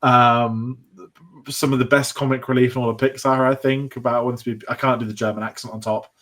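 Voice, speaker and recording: A man's voice: medium pitch, little pitch movement, fairly quick, fairly bright tone. Enthusiastic man chatting about films. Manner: enthusiastic, rambling with restarts. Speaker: podcast co-host. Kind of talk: casual film discussion.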